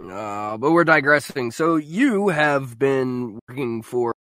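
A man co-hosts a gaming podcast in a casual, joking, blunt way. His voice is bright and forward, recorded dry and close. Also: mid-range voice, animated, slow, no room sound. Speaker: podcast co-host. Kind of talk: casual chat.

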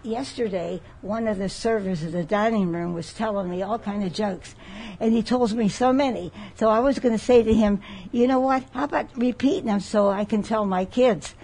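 An elderly woman talks in a loose, rambling way and likes to tell jokes. Her voice has a husky, slightly rough edge, and its pitch sits in an ordinary middle range for a woman. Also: normal speed, dark tone. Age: older. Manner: chatty joke-teller, rambling. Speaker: guest of honor. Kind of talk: casual chat.

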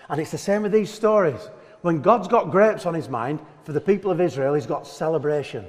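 Animated high-voiced preacher in a hall. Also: male voice, a little fast. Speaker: pastor. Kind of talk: sermon. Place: church hall. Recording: long hall reverb.

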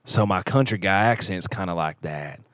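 Co-hosting a casual podcast from a small studio room in a theater, a man jokes around playfully and rambles from one thought to the next. His voice is low and animated, a bit bright, at a moderate pace, with no echo.

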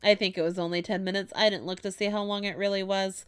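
A woman's voice: medium pitch, level tone, smooth. A woman hosting a podcast, bantering in a playful, teasing way with her co-host. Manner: playful, teasing, quick to laugh.

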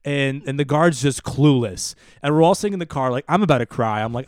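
Man, podcast co-host, casual storytelling, stammering restarts, smooth resonant voice, dry close mic. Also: on the high side, normal speed, few pauses, no room sound. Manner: animated, rambling, stammers and restarts.

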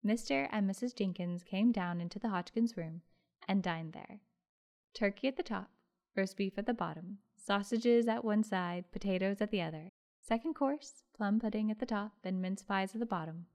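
A woman narrating a classic story for an audiobook. Her reading is lively, with little asides to the listener. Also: mid-range voice, normal speed.

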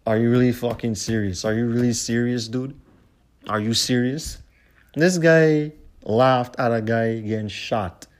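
A man's voice: medium pitch, darkish tone. A man ranting to camera with heated, profane, repetitive commentary. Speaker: vlogger.

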